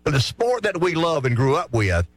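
Man, sports talk commentator, animated pitch, slightly raised voice, argumentative, rhetorical questions, dry close sound. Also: moderate pace, dry recording. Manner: argumentative, poses rhetorical questions and answers them.

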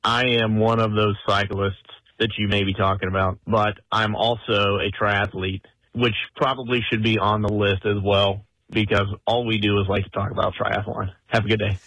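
A man's voice: on the low side, little pitch movement, normal speed, a bit bright, no room sound, low-quality recording. A man leaving a recorded message for a radio show, matter-of-fact.

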